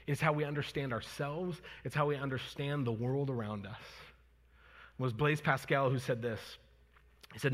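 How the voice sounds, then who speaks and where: A pastor in his thirties preaches and leads prayer in a church sanctuary, where the hall's long reverb is audible. His medium-pitched, slightly bright voice moves at normal speed, earnest and conversational, with fillers and restarts.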